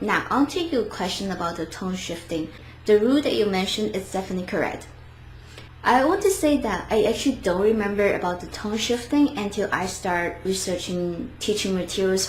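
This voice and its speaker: A woman's voice: mid-range voice, a little mellow. Chatty woman teaching in an echoey room. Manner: chatty, hesitant, self-correcting. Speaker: language teacher. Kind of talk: casual video lesson. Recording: echoey room, faint background noise.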